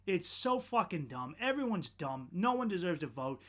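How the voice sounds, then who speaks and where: Pitched high and very animated, a man hosting a podcast rattles off a rambling, profane, sardonic comic rant at normal speed. He keeps restarting and swings between loud bursts and muttered side comments.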